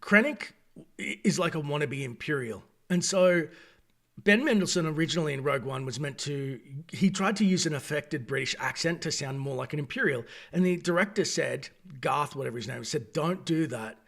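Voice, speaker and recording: An Australian man giving a casual, opinionated review, talking in an animated, digressive way. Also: a little high, fairly quick, vocal fry. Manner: animated, digressive, acts out quoted voices. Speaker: video reviewer.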